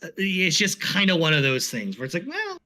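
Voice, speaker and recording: A man's voice: high voice, wildly swooping pitch, a little fast, pushed and bright. A man co-hosting a sports podcast, telling rambling stories with wry asides. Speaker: podcast co-host. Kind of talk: casual sports podcast chat.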